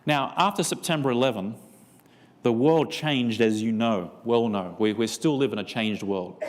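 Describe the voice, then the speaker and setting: A man's voice: mid-range voice, big-room sound. A man preaching a seminar sermon, telling a story and acting out both sides of a conversation. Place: church.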